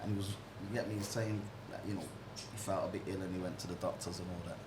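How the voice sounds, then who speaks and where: A man talking in a casual chat, subdued and halting as he searches for words. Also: low voice, little pitch movement, heavy background noise.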